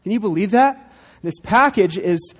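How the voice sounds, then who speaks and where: A man pastor in his thirties gives a sermon with the animated, playful touch of a storyteller. His voice sits a little higher than most men's, and he keeps leaning on quick asides to the congregation.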